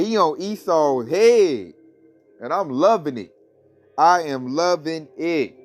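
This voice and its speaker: A man hosting a religious commentary vlog, talking in a preachy, repetitive, slangy way. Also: a little high. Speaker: channel host.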